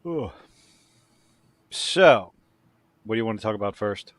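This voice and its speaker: A man's voice: fairly low pitch, expressive, measured pace, dry recording. A man hosting a casual podcast chat, talking loosely and profanely, with many restarts and tangents. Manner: profane, rambling with frequent restarts. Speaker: podcast host; work supervisor who takes many calls.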